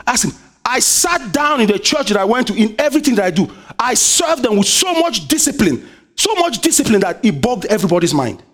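A man preaching a sermon, often asking the congregation to finish his sentences. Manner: call-and-response, asks the congregation "what?"; swings between loud high exhortation and low quiet asides.

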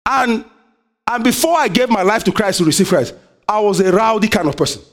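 Man preaching with a high voice, lots of call and response, goes loud then drops low. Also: animated, a little fast. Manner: call-and-response, asks the congregation "what?"; swings between loud high exhortation and low quiet asides. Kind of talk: sermon.

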